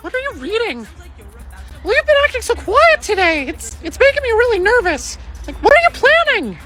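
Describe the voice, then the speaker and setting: A young woman voicing a nervous, sarcastic teenage son who talks fast and flustered. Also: very high voice, very animated, music in the background, voice pushed up. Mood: exasperated.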